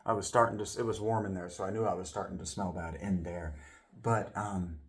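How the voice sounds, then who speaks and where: A man's voice: deep voice, steady tone, fairly quick. A man vlogging a casual personal story, rambling, with frequent restarts and self-corrections, and voicing other people's lines as he retells it.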